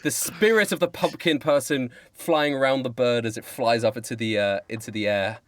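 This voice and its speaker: A man's voice: medium pitch, normal speed, fairly bright tone, dry recording. A man running a tabletop game as dungeon master, narrating playfully and laughing often.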